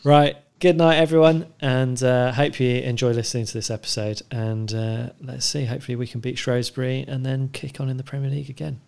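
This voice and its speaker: Man, gravelly voice, dry teasing podcast co-host, laptop video call. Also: mid-range voice, level tone, brisk, few pauses, a little mellow. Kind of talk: casual chat.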